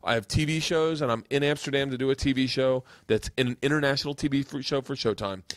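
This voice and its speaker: A man hosting a comedy podcast, telling a story casually, animated and swearing freely. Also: medium pitch, fast, dry recording, clean studio sound.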